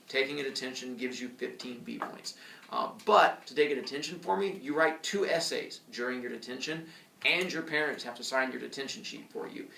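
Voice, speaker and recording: A man's voice: medium pitch, creaky, slight background noise. A man teaching a class, explaining his points system with dry jokes and mock student voices. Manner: joking, lively, puts on kid voices for effect. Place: school classroom. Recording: echoey classroom, far from mic.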